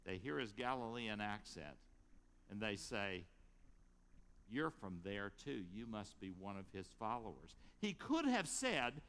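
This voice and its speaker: A man preaching a sermon as pastor, retelling a story with lively rises and drops in his voice. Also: on the low side, unhurried, long reverb tail. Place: church sanctuary.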